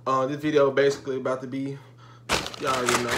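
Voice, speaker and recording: A man's voice: mid-range voice, little pitch movement, quick pace, background noise. Hyped young guy on a food vlog. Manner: loose, chatty slang, hyped. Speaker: YouTuber doing a food review. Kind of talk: casual mukbang vlog.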